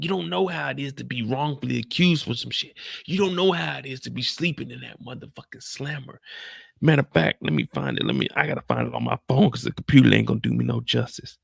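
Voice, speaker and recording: A man hosting a casual recap of a TV episode, ranting in an animated, profane, slang-heavy way. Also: mid-range voice, vocal fry, no echo. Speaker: TV show recap host.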